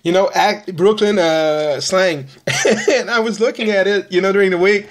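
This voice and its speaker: A man with a French accent hosting a podcast, enthusiastic and quick to laugh, halting with many "you know"s. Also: high-pitched. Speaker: podcast host. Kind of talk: casual interview chat.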